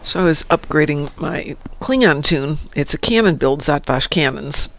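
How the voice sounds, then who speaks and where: A man's voice: a little high, expressive, moderate pace, fairly bright tone. A man streaming an online space game, chatting casually with viewers and making playful sound effects as he plays. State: hiccuping and burping. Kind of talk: casual live-stream chat.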